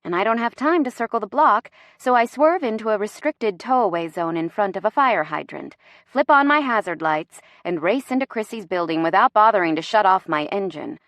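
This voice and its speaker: A woman narrating a first-person audiobook with lively, wry storytelling. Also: medium pitch, a little fast, no echo, clean studio sound.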